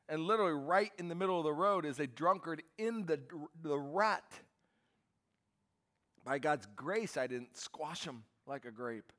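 A man preaching a sermon to a church congregation, emphatic and animated, asking the listeners questions and waiting for their answers. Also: a little high. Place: church service.

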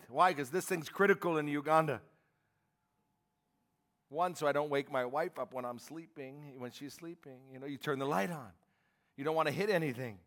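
Male preacher, slightly high voice, emphatic and animated sermon delivery with call-and-response questions. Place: church service.

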